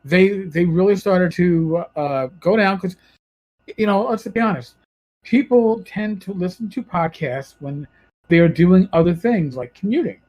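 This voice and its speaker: A man with a New York accent hosts a gaming podcast in casual talk. His voice sits high for a man. He rambles and corrects himself as he goes. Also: a little slow, a little mellow, rough recording. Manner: rambling, self-correcting, conversational. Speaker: podcast host.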